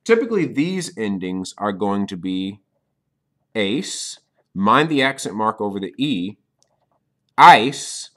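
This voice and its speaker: This man, a Spanish teacher, speaks in a fairly low, fairly bright voice. Teaching beginners on video, he walks through each step, repeats the key points, and keeps asking "okay?"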